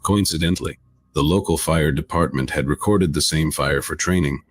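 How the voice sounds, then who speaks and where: A man reading a scripted true-crime narration in a flat, even retelling. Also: a bass voice, moderate pace, slight background noise. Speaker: video narrator.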